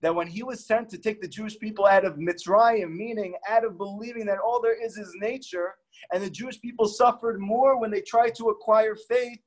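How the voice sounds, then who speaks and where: A man's voice: sits high, fairly even intonation, fairly quick. A man, a rabbi, giving a spiritual teaching talk, impassioned and acting out pleading prayers in his own voice.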